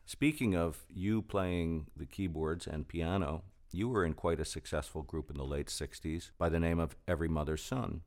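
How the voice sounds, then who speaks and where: A man's voice: deep voice, normal speed, hardly any pauses, darkish tone. A man hosting an interview, asking questions in a friendly, chatty way. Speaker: interview host. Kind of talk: casual interview talk.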